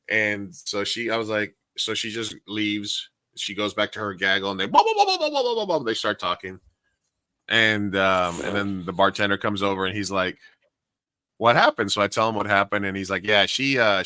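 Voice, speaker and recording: Male co-host, bright and punchy voice, dry close mic, animated storyteller who swears and plays out every quote. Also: on the low side, moderate pace, dry recording. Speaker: podcast co-host, karaoke host. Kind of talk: casual storytelling chat.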